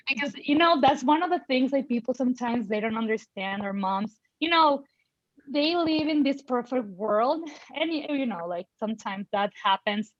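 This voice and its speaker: A woman in her thirties, a parent on a panel, telling her own story in an outspoken, animated way with many fillers and voiced quotes. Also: on the high side, normal speed, no echo, dull audio. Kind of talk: personal storytelling in a panel conversation.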